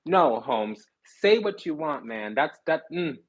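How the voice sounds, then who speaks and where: A man's voice: fairly high pitch, big pitch swings, a little slow, muffled recording. A man giving a casual tarot reading, talking bluntly in slang and with swearing, and often stopping to restart his sentences. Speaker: tarot reader.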